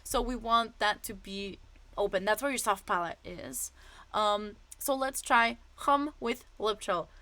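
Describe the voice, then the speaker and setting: A woman's voice: mid-range voice, measured pace, pushed and bright, a little hiss or hum. A woman voice teacher explaining vocal exercises in a casual, demonstrative way with frequent fillers.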